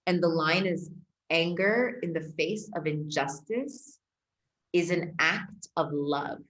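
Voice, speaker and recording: A woman's voice: lowish voice, slow, fairly bright tone, rough recording. A woman who works as a spiritual and empowerment coach, speaking as a podcast guest in an emphatic, earnest way. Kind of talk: casual conversation.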